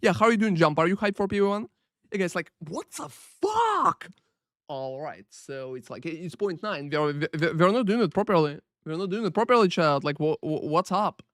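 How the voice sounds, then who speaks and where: A game streamer talks in an unpolished, rambling way, full of filler words and casual swearing. His voice sits a touch high for a man and stays dry and close to the mic, with no room sound. He keeps greeting viewers by name as he chats. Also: big pitch swings, moderate pace, a bit bright, dry recording. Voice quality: profane, rambling, filler-heavy. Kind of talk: casual live-stream chat. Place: Paris.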